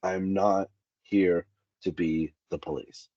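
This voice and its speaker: A man with a very low, husky voice talks through job-site stories and acts out what people said. The sound is dry and a little muffled. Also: slow pace, no room sound. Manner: animated, acts out quoted dialogue. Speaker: safety specialist guest. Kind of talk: candid interview storytelling.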